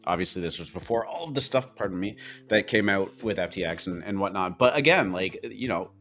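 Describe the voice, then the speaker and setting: A man's voice: low-pitched, lively intonation, fairly quick, fairly bright tone, soft background music. A man with a Canadian accent co-hosting a podcast, talking bluntly in a rambling, casual way full of fillers. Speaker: co-host.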